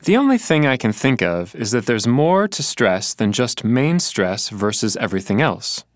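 A man speaking slowly and thoughtfully in a scripted teaching dialogue, pronouncing words with care. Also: mid-range voice, sing-song, dry recording, clean studio sound. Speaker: language learner in a dialogue.

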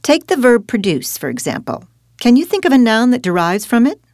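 A woman leads a scripted lesson dialogue, steering her partner with pointed questions. Her voice swings through a wide, animated pitch range. The recording is close and dry. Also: fairly quick, no echo. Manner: quizzing, leading with questions. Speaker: teacher.

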